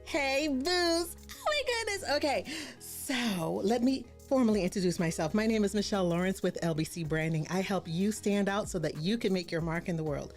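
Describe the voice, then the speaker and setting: A woman's voice: on the low side, a little fast, a little mellow, faint music behind. A woman hosting a casual live stream as a branding coach, bubbly and exclaiming often as she greets viewers by name.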